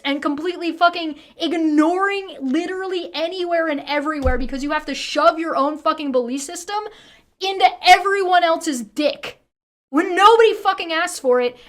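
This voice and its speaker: Woman streamer, high voice, heated and foul-mouthed reaction talk. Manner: swears constantly, heated and ranting. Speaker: streamer reacting to a debate video. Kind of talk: angry reaction rant.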